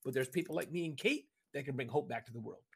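A man guest on a video-call interview, talking about business in a rambling, animated way and often addressing the host by name. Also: medium pitch, fast, slightly rough. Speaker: podcast guest, entrepreneur. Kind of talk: casual interview chat.

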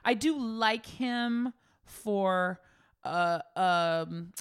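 Brief: female co-host, playful and riffing, casual banter, middle pitch. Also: extremely slow, clean tone. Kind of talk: casual chat.

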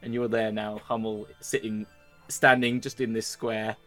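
A man's voice: on the low side, little pitch movement, measured pace, a bit bright, soft background music. A man voicing an imperious, irritated female ruler in a tabletop game, talking in a sarcastic, scolding way.

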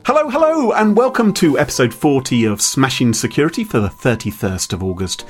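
A man's voice: mid-range voice, big pitch swings, brisk, soft background music. A man hosting a podcast in a playful, joking manner. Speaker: podcast host. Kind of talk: casual podcast chat.

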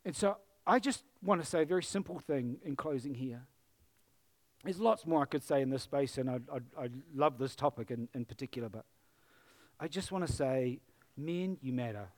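A man's voice: medium pitch, lively intonation, normal speed. A middle-aged male pastor giving an emotional, earnest sermon in church and closing in prayer, pleading with his listeners.

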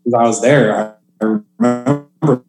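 A man's voice: mid-range voice, measured pace, echoey room, music in the background, low-quality recording. A man, a stand-up comedian, talking casually about his craft and filling his sentences with "like" and "you know". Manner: chatty, fills with "like" and "you know". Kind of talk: casual podcast conversation.

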